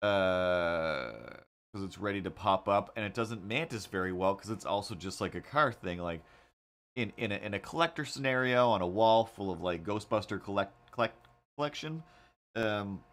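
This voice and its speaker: A man with a fairly low voice chats casually on his livestream as he draws. He tells rambling, animated stories full of fillers and restarts, talking into a desk mic at home. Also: moderate pace. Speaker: livestream host. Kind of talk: casual livestream chat while drawing.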